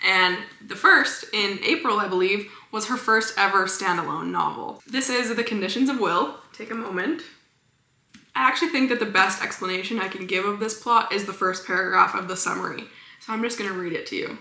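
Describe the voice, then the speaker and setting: A woman chatting casually as a book vlogger, gushing about her favorite reads with quick, enthusiastic asides. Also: medium pitch, creaky, sharp tone, roomy sound. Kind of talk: casual book review chat.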